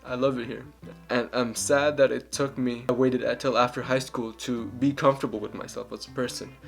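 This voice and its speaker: A man's voice: medium pitch, level tone, a little fast, creaky, soft background music. A young man answering fan questions in a casual, candid, joking vlog. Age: young adult. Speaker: vlogger.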